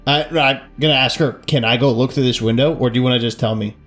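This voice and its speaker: Middle-pitched male player, relaxed halting in-character banter, quiet music behind. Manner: casual, hesitant, playful in character. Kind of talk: casual tabletop role-play.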